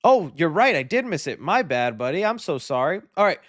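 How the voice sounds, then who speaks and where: Guy streamer chatting with viewers, kinda high voice, laid back and friendly. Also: brisk, dry recording, studio quality. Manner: relaxed, friendly and chatty, trailing off often. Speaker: livestream host. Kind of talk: casual livestream chat, reading viewer donations.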